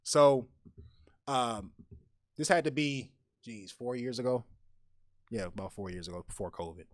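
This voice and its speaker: A man telling a personal story on a podcast, animated and often repeating words as he goes. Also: mid-range voice, unhurried, dry recording, studio quality.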